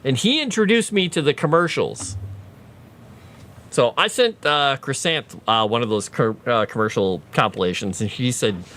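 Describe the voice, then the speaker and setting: Male streamer, casual tangent-prone chatter, animated intonation. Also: mid-range voice, a little slow. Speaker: writer streaming his lore writing. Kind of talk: casual livestream chat with viewers.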